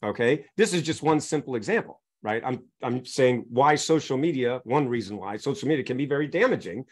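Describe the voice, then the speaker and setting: A man's voice: mid-range voice, lively intonation, brisk. A man speaking as a coaching guest on a podcast, explaining his method through examples and constantly checking in with his listeners. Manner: teaches through examples, keeps checking in with "right?".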